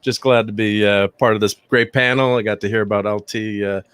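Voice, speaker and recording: A man who is a guest on a casual panel stream, talking in a relaxed way with lots of uhs. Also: on the low side, a little fast, clean tone, no echo. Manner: relaxed, many uhs, light laughs. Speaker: panel guest, channel creator.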